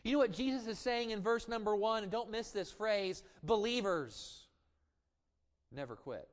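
A middle-aged man preaching a sermon as a pastor, passionate, drawing out key phrases slowly and dropping to quiet asides, with some stammered restarts. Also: high voice, animated. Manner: impassioned preaching with slow drawn-out emphasis and sudden drops to quiet asides; stammers and restarts when building up.

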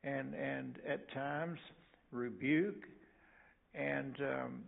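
An older man preaching a sermon as pastor, halting and repeating words, with folksy asides. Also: medium pitch, fairly even intonation, creaky. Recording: tinny phone-like sound.

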